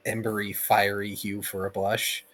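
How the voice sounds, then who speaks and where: Man, tabletop player narrating his character; low pitch, very slow, hesitant. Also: monotone, fairly bright tone.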